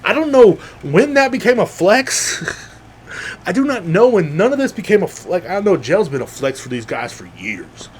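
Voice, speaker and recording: A man's voice: sits high, moderate pace, husky. A young man hosting a podcast, rambling casually and acting out the people he talks about. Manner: rambling, animated, acts out quoted people. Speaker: podcast host. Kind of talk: casual monologue.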